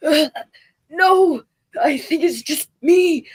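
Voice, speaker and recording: A frail old man escaping a fire, coughing between slow, halting words, as a woman puts him on. He speaks in a thin, high voice with a very dry, close sound, and every phrase drags out breathlessly. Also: no echo.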